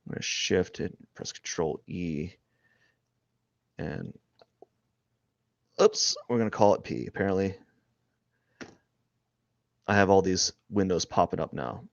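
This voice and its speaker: Low gravelly man thinking aloud while drawing. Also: animated, a little slow, pauses often, no echo, highs cut off. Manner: rambling, thinking aloud, many restarts, often trailing off quietly. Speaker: artist streaming live. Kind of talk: casual live-stream narration while drawing.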